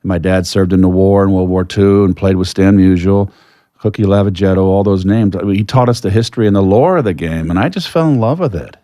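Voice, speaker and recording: An older man, a retired baseball player, telling stories as a guest in a podcast interview, reflective and lively when acting out conversations. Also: low-pitched, brisk, no echo, clean studio sound.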